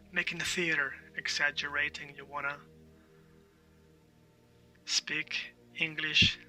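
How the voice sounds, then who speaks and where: A man's voice: a little high, pushed and bright, recorded from a distance, poor audio. A man teaching a Spanish pronunciation lesson, repeating letter sounds and checking in with "all right?". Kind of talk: language lesson.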